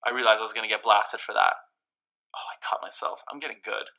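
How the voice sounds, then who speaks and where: A man's voice: fairly low pitch, very animated, fast talker, gravelly, pushed and bright, rough recording. A man from a TV show cast, chatting playfully in an interview and mocking himself with cheeky asides.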